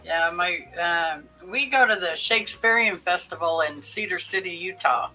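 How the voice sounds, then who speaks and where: Guy on a chat stream, super bright sharp voice, eager, faint music behind. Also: high-pitched, normal speed, low-quality recording. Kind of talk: casual chat.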